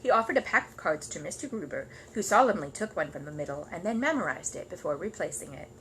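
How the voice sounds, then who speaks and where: A woman reading a children's storybook aloud in an expressive storytelling voice, with faint noise behind her. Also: lowish voice, fast talker. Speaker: storybook reader.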